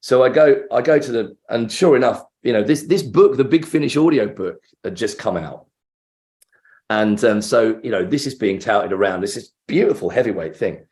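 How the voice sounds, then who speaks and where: A man's voice: mid-range voice, lively intonation, moderate pace, darkish tone. A man, an actor guest, telling a rambling, self-interrupting story in a casual interview.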